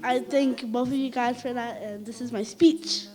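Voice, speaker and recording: A young woman giving a short, hesitant wedding speech with halting restarts. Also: a little high, fairly even intonation, a crowd in the background.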